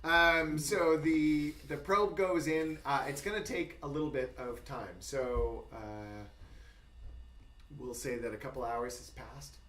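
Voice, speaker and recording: A man's voice: medium pitch, steady tone, takes it slowly, fairly bright tone. Rambling game master man, roomy far sound. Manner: rambling, many fillers, laughs often. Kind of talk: narrating a tabletop game. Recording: echoey room, mic far off, faint noise.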